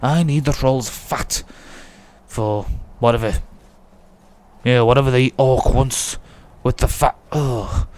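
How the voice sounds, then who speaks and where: A man's voice: medium pitch, takes it slowly, darkish tone. A man giving chatty, jokey commentary as he plays a game and talks to himself. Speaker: let's play host. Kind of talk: casual gameplay commentary.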